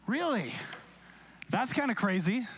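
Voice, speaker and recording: A man's voice: high-pitched, very animated, a little slow, a bit bright, slight background noise. A young man preaching a live church sermon, talking conversationally and acting out quoted lines as he tells a story. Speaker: pastor. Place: church sanctuary, recorded live.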